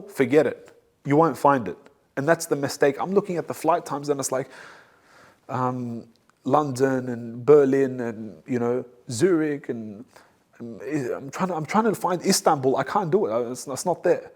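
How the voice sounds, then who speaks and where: A man of ordinary mid-range pitch hosts his own show as a reverend, talking in a loose, animated monologue. He hammers his points home by repeating them and drops in jokes along the way. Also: moderate pace. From Assyrian community. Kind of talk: casual talk-show monologue.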